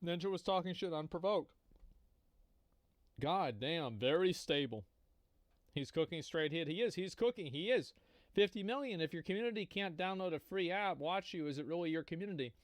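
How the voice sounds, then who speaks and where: A man's voice: a little high, normal speed, no echo, clean studio sound. A male streamer casually reacting to a clip with profane, amused commentary.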